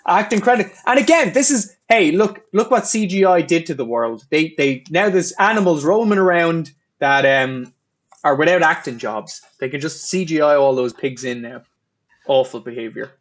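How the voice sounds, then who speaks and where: A man hosting a casual film review podcast, talking in an animated way. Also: fairly high pitch, normal speed. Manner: animated, acts out scenes. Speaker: podcast host.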